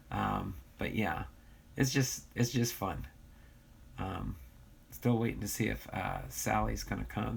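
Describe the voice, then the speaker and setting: An American man with a lowish, husky, slightly nasal voice and vocal fry hosts a casual livestream. He reads viewer comments aloud and banters with his audience.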